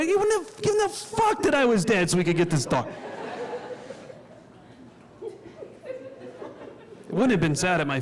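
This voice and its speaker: A male stand-up comedian with a very high voice delivers crude, deadpan, self-deprecating stories on a comedy club stage, acting out quotes. The live club recording catches the audience laughing.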